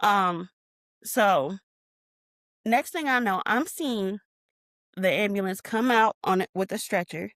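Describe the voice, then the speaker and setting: A woman's voice: mid-range voice, slow pace, pauses often, no echo, clean studio sound. A woman guest on a podcast, recounting a painful memory in an emotional storytelling manner and acting out what she and others said. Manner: emotional retelling, reenacting her own shouts. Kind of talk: personal storytelling interview.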